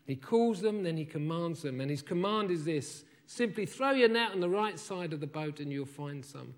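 A man delivering a sermon in a voice a little higher than most men's. He tells the story with animated emphasis, acting out the characters' lines and turning to the congregation with questions. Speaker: preacher.

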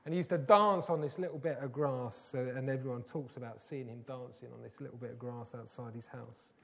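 A man's voice: mid-range voice, steady tone, fairly quick, creaky, fairly bright tone. A man preaching a sermon, earnest and building to emphatic, repeated phrases. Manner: earnest, rising to emphatic repetition.

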